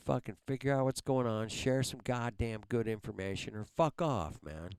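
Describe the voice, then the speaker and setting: Angry and heated, a livestream host rants at his viewers with heavy profanity, ending phrases with "man." His medium-pitched voice moves at normal speed and has a clear, resonant, darkish tone.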